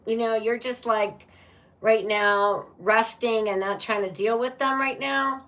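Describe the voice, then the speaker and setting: Slow, chatty woman reading tarot. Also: on the high side, fairly even intonation, fairly bright tone, far from the mic. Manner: chatty and playful, laughs often, talks to viewers as "my love" and "baby". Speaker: tarot reader. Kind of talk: casual live-stream tarot reading.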